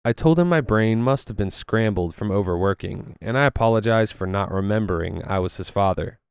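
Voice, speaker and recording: Low, smooth male story narrator. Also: a little fast, dry recording, clean studio sound. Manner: steady storytelling. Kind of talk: reading stories aloud while gaming.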